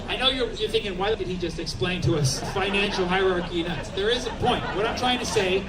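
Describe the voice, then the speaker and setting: A man's voice: sits high, fairly quick. A man performing a stand-up routine with playful punning setups. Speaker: stand-up comedian. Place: comedy club stage. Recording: distant recording under loud crowd laughter.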